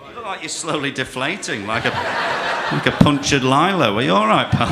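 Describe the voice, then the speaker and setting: A man's voice: a little high, expressive, fairly quick, gravelly, heavy background noise. A man compering a comedy night, teasing the crowd with rowdy banter. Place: comedy club. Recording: echoey club room with crowd.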